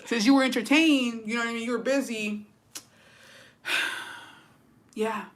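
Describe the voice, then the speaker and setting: A livestream host casually tells a story, brash, profane and sassy, dropping Spanish phrases into her English and calling listeners "bitch" and "besties." Her voice is a little high, fairly even in intonation and unhurried. There's a little hiss or hum.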